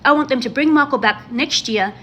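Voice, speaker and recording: A woman's voice: sits high, a little fast, a bit bright, faint music behind. A woman chatting casually to her viewers about a reality show, gushing and emphatic, repeating herself for effect. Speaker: reality TV commentary host. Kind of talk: casual chat to camera.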